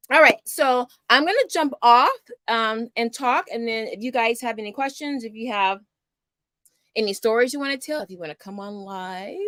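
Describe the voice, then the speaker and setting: Chatty woman, bright and upbeat. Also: fairly high pitch, dry recording. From Houston, Texas. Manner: chatty, upbeat, rambling with fillers. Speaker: homeschool livestream host. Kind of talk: casual livestream chat. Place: small home studio.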